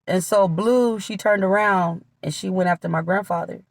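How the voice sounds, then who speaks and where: A woman's voice: medium pitch, steady tone, moderate pace, creaky, no echo. Candid woman telling her life story. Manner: candid, conversational, drops into quoted voices of relatives. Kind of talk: casual storytelling testimony.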